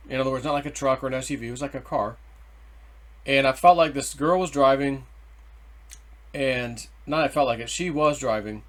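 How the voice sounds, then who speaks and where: A middle-aged man telling a story in a rambling, excitable way, swearing and then softening his words. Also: medium pitch. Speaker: vlogger. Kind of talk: casual storytelling.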